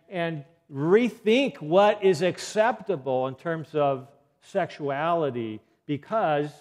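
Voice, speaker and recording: A man's voice: fairly high pitch, darkish tone. A man giving an earnest health lecture, emphatic and given to repeating key points.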